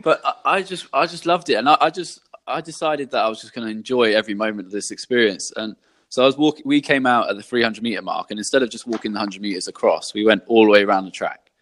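A young man speaks in a low-pitched, relaxed voice. He tells his stories loosely on a podcast, full of fillers and the odd swear word. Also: quick pace. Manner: laid-back storytelling, frequent fillers and swearing. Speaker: athlete guest. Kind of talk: casual podcast chat.

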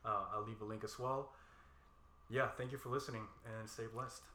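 A podcast host asking questions in a relaxed way, with short, agreeable interjections. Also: mid-range voice, moderate pace, a little hiss or hum. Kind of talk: casual interview chat. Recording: echoey room with faint ambience.

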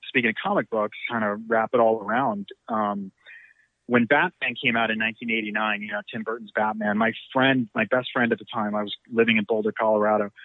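A man's voice: on the low side, dry recording. Middle-aged man on a tinny phone line. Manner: rambling, anecdotal, self-deprecating. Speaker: actor guest. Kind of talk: casual interview chat.

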